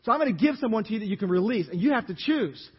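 A man preaching a sermon as pastor, telling the story dramatically and acting out the crowd's shouts. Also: high voice, expressive, racing, husky. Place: church sanctuary. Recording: dull reverberant church recording.

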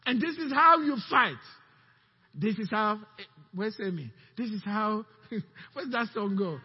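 High-voiced, husky preaching man. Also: measured pace, big-room sound, lo-fi sound. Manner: animated preaching, asking the congregation questions. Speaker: pastor. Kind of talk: sermon. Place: church sanctuary.

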